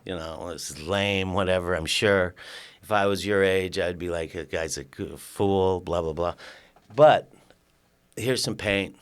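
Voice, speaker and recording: This older man from California is a podcast guest spinning a story in an easygoing, energetic way, performing what others said and dropping the odd swear word. He talks low-pitched and a little slowly, with a clean tone.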